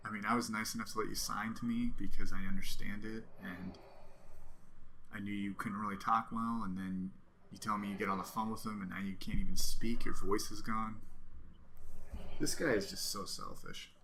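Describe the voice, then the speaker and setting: A man's voice: lowish voice, level tone, moderate pace, vocal fry, pushed and bright, a little hiss or hum, rough recording. A man in casual talk at home, comforting a loved one, indignant and protective.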